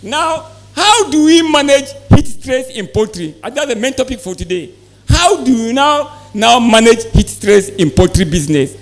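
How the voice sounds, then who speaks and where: Man, very high voice, live talk to farmers, repeats points, quizzes the audience. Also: sing-song, normal speed. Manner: asks the audience questions, repeats key points. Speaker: poultry health presenter. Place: exhibition hall presentation.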